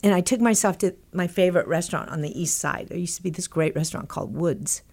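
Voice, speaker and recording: Older lady from texas, lowish voice, animated storyteller in an interview, laughs a lot. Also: fast, creaky. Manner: lively storyteller, acts out quotes, laughs often. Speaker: guest.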